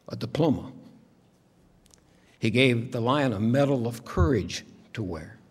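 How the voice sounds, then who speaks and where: Low husky pastor in a reverberant church. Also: male voice. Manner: conversational, reflective storytelling with soft asides. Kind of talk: sermon. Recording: long reverb of a large hall.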